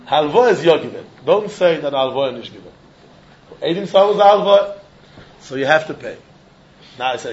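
Male Talmud teacher, high-pitched and animated, debates both sides with laughs; muffled lo-fi audio. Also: normal speed, long pauses. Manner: animated, argues back and forth, laughs often. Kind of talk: Talmud lesson, lively explanation. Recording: dull lo-fi recording.

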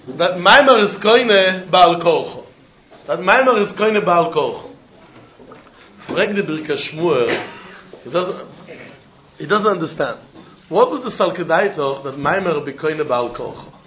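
A man giving a Talmud lesson in a lively, questioning way, mixing Yiddish terms into his English. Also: high voice. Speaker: Talmud teacher. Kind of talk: yeshiva-style Talmud lesson. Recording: dull echoey room with faint noise.

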